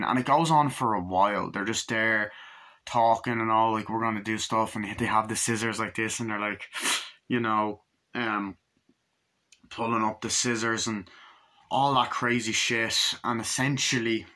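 A young man casually reviewing a film, excitable, jokey and swearing freely as he walks through the scenes. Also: lowish voice. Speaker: movie reviewer.

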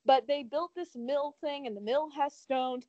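A woman with a high, bright-toned voice retells a movie plot in a loose, rambling way, with sarcastic asides thrown in. Her voice sounds dry and close, and the recording is a bit muffled. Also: measured pace, dry recording. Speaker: podcast co-host. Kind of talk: casual podcast chat.

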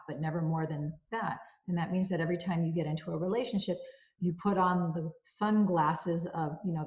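A woman's voice: lowish voice, a little mellow, reverberant. A woman reviewing a self-help book in a casual way. She repeats key phrases and walks through everyday examples.

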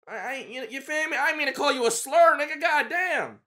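A man's voice: very high-pitched, fast talker, few pauses, pushed and bright. A man chatting casually on a stream, joking and teasing his friend in slang.

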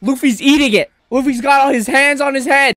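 A man reacting live to an anime episode, excitable and exclaiming, swearing in casual slang. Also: extremely high pitch, brisk, no room sound, clean studio sound.

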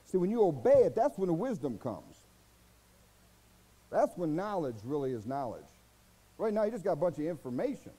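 A male American pastor preaching in a folksy, exhorting way, his voice swooping up and down as he fires rhetorical questions at the congregation. His tone is dark and mellow, sitting a little high for a man. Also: big pitch swings, moderate pace, pauses often, husky, low-quality recording. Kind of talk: sermon.

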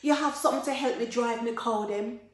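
A woman's voice: sits high, huge pitch swings, slow, pitched above the performer's own voice, full character voice. A woman voicing a hearty male cattle herder. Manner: loud, hearty. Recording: very echoey room.

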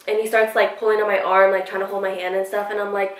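A woman's voice: mid-range voice, fast, hardly any pauses, distant mic. A woman vlogger telling a storytime, acting out quotes with lots of casual swearing. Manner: animated retelling with acted quotes and frequent swearing. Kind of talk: storytime vlog. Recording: echoey room, voice off-mic.

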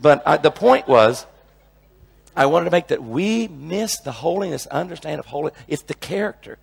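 A man's voice: on the high side, lively intonation, normal speed, creaky. A male preacher teaching a sermon in an emphatic way, often repeating phrases and restarting his sentences.

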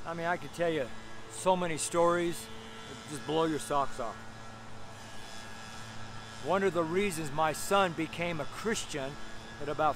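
A man's voice: on the high side, fairly bright tone, a little hiss or hum. An older man preaching a fervent street sermon outdoors by busy roads, exhorting and repeating his points. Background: passing cars.

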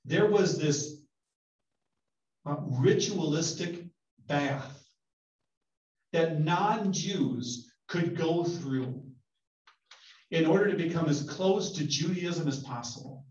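A male pastor teaches a Bible study in an easygoing, joking way and often checks in with the group. His voice sits somewhat high. It sounds distant, with a roomy echo and a dull tone. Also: slow, long pauses, darkish tone. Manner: casual, joking, asks the group questions.

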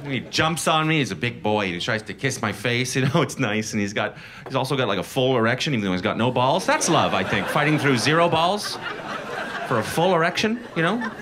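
A man's voice: medium pitch, very animated, brisk, a bit bright. A man doing a stand-up comedy set on a club stage, conversational and wry. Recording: live comedy club crowd noise.

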